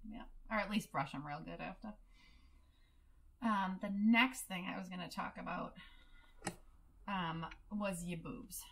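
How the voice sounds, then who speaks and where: Woman, 30s, podcast co-host, bright tone, casual explainer who gets animated telling stories. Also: lowish voice, unhurried, pauses often. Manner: chatty, explains facts, animated storytelling. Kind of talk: casual chat.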